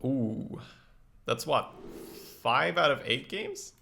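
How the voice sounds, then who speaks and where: Gravelly bright-voiced male game streamer. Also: mid-range voice, animated, slow pace. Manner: analytical, thinks aloud about plays. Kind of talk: casual gameplay commentary.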